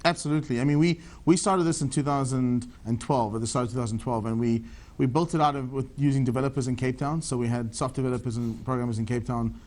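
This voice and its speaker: Fast-talking South African man. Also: medium pitch, steady tone, a little mellow. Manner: eager, rambling answers with many restarts. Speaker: tech entrepreneur guest. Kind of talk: TV business interview.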